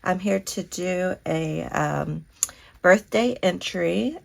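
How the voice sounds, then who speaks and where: A woman's voice: on the low side, takes it slowly, gravelly. A woman from Kentucky, chatting casually and gushing as she hosts a crafting unboxing vlog. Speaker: crafting channel host.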